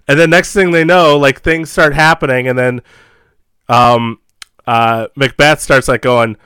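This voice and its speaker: A man talks casually on a podcast, rambling in a relaxed way and often chuckling. His voice is smooth and clear, with a dry, close recording and no room sound. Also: mid-range voice, moderate pace, no room sound. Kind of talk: casual chat.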